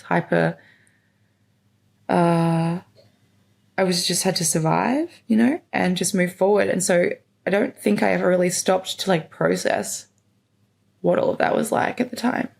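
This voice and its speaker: A woman's voice: lowish voice, a little mellow. A young woman podcast host candidly telling her life story in a rambling, open way, full of fillers. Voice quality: gravelly. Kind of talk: personal storytelling monologue.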